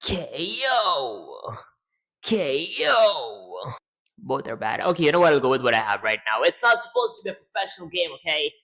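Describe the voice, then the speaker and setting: A man's voice: a little high, big pitch swings, racing, hardly any pauses, pushed and bright. A man hosting a programming livestream, chatting casually, narrating his own steps and answering questions from the chat. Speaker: livestream host.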